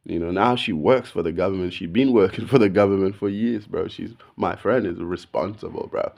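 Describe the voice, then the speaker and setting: Aussie guy in his 30s, kinda low voice, rambling story full of slang and "bro". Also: brisk, vocal fry. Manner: slangy, animated, says "bro" constantly. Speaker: video podcast host. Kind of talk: casual storytelling rant.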